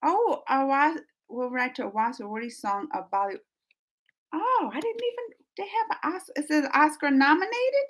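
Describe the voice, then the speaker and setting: A woman's voice: sits high, animated, normal speed. A woman from New Orleans with a Southern US accent, chatting casually as she reads her live stream chat aloud, laughing often and trailing off mid-sentence. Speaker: YouTube reaction host reading live chat.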